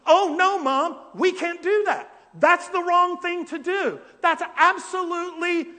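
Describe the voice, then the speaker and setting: A pastor voicing an anxious young man who protests loudly to his mother in a high, exclaiming voice. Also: unhurried, heavily acted. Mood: protesting. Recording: long hall reverb.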